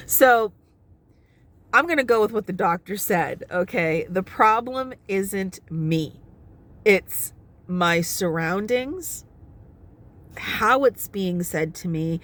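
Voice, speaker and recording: Middle-aged woman, casual car vlog, chatty with frequent laughs, unhurried, slightly low voice. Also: animated, a bit bright. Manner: chatty, laughs often, drawn-out explanations. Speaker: vlogger. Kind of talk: casual talking-head vlog. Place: inside her parked car. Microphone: phone propped on the steering wheel.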